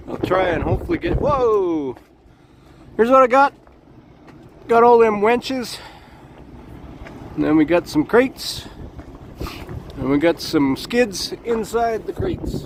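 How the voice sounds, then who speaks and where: A middle-aged Canadian truck driver chatting casually to a phone camera outdoors beside his truck, exclaiming at the gusts. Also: high voice. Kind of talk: casual vlog chat. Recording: loud wind noise on mic. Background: wind gusts.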